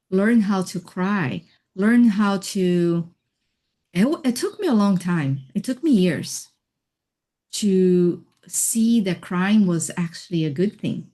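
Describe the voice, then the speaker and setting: Woman, interview guest, slow unhurried pace, reflective storytelling, video call sound. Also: medium pitch, animated. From Hawaii. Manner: slow, thoughtful, with soft laughs and fillers. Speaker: interview guest, healer and life coach.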